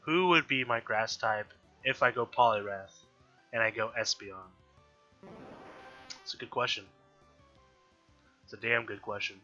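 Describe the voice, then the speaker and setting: A man's voice: on the low side, unhurried, pauses often, bright, forceful tone. A man with a nasal voice from allergies, chatting casually as he plays a video game and thinks aloud. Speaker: gaming YouTuber. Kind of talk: casual let's-play commentary. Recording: dull lo-fi audio with faint game music. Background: faint game music.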